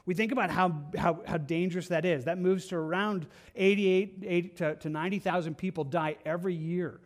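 A man's voice: high voice, steady tone, brisk. A man preaching a sermon as pastor, earnest, with frequent repeated words and restarts.

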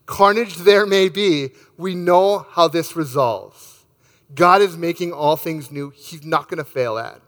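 A man's voice: on the high side, unhurried, fairly bright tone, long reverb tail. A man preaching a sermon, reading scripture aloud and speaking emphatically to his congregation. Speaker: pastor.

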